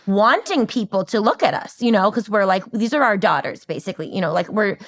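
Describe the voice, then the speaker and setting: Animated, laughing woman telling stories. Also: mid-range voice, a little fast. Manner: animated storyteller, laughs often, acts out voices. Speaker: podcast guest. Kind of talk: casual chat.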